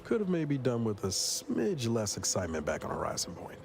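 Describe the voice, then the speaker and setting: A man's voice: mid-range voice, wildly swooping pitch, a little fast, creaky, noisy background. A man playing a weary male space agent, speaking in a dry, wry, reflective way in game dialogue. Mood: wistful. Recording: game audio with music behind.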